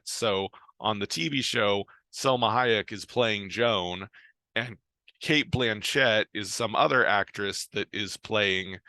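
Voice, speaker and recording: A man's voice: fairly low pitch, bright, forceful tone, no room sound. A man retelling a show's plot in a casual, rambling way, full of ums and restarts. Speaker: show recapper.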